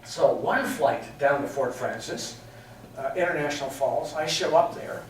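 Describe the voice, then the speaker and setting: Fairly high in pitch and measured in pace, an older Englishman addresses a meeting as a guest speaker, chuckling through chatty flying anecdotes. There's a little hiss or hum, and the recording is from far off in a very echoey meeting hall.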